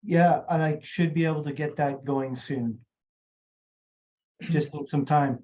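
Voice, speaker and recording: A man's voice: on the high side, steady tone, measured pace, darkish tone, dull audio. A man casually announcing a contest vote, helpful and informal with lots of fillers. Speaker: calendar contest organizer.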